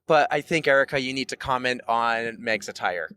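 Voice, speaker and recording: A man from New Hampshire, a podcast co-host telling a story in casual chat, loud and animated, acting out quoted voices. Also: mid-range voice, normal speed, clear, resonant tone, no room sound. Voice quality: loud, carrying voice.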